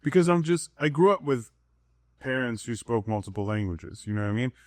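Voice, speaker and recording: A man co-hosting a podcast in casual chat. He talks in a relaxed way and explains his points at length. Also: mid-range voice, no echo. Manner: relaxed, explains at length, slows down for mock broken English. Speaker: podcast co-host.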